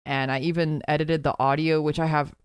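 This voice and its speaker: A woman's voice: deep voice, little pitch movement, brisk, smooth, dry recording, clean studio sound. A woman streamer in casual chat, laughing as she reads out her old skit scripts.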